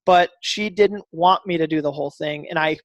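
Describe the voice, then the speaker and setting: A man guesting on a podcast, telling a story animatedly, acting out dialogue with fillers and quick restarts. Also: a little high, no room sound. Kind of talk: casual storytelling interview.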